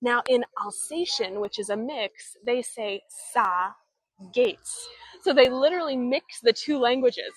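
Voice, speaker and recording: Chatty woman guiding a slow walking tour. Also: a little high, expressive, no echo. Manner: chatty, halting with frequent restarts and fillers. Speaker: travel vlogger and tour guide. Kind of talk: live walking tour stream. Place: outdoors in an old town street. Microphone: handheld phone.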